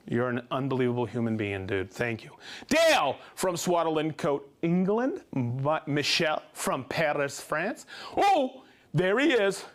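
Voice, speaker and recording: A man hosting a live stream, reading viewers' names and hometowns with upbeat excitement and frequent whoops. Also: on the high side. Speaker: livestream host. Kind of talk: live stream shout-outs.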